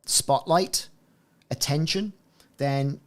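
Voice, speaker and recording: A man's voice: a little high, very slow. Chatty man streaming a space game. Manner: chatty, rambling, self-interrupting. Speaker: gaming streamer. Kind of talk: live-stream gameplay commentary.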